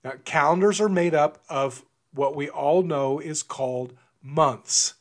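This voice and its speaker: A man's voice: a little high, measured pace. A man giving an informal sermon and Bible teaching, talking conversationally and often repeating words as he restarts. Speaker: preacher.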